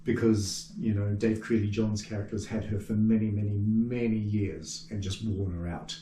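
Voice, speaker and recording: A man with a New Zealand accent, a puppet maker chatting as the guest in an interview, telling stories lively and acting out what people said. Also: on the low side, moderate pace, slight background noise. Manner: animated storyteller who acts out quoted remarks. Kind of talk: casual interview chat. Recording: roomy sound from a distant mic.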